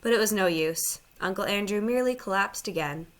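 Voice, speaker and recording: A woman reading a children's novel aloud as storybook narration, expressive and shifting her voice for the animal characters. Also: mid-range voice, a little fast, hardly any pauses. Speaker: audiobook reader.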